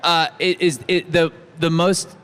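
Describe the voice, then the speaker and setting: An American man with a fairly high, smooth, slightly bright voice and little pitch movement speaks a little slowly as a guest on a convention panel stage. He jokes playfully and rambles with restarts, using a handheld mic with a stage monitor.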